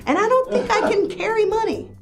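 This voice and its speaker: A woman's voice: extremely high pitch, lively intonation, a little fast. A woman improvising a comedy scene, talking in a nervous, stammering, rambling way. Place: studio.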